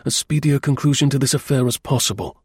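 A man's voice: mid-range voice, a little fast, fairly bright tone, breathy edge, no echo, studio quality, voice pushed up. A man voicing a cold, formal military colonel in an audiobook, speaking in a clipped, frigid way.

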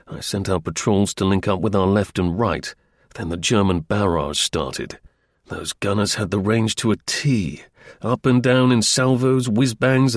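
A man reading a first-person story aloud as an audiobook narrator, in a measured, wry storytelling manner. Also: fairly low pitch, dry recording, studio quality.

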